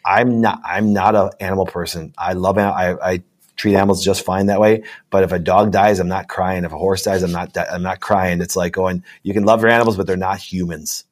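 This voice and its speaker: A man's voice: deep voice, fairly even intonation, a little fast. A man speaking as a guest doctor in a casual interview, rambling and emphatic, often asking "you know what I'm saying".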